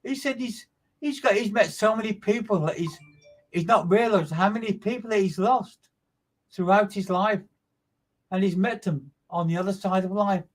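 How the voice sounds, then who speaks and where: A man's voice: sits high, moderate pace. A man working as a medium, giving a live streamed reading in a repetitive, emphatic way and greeting listeners by name.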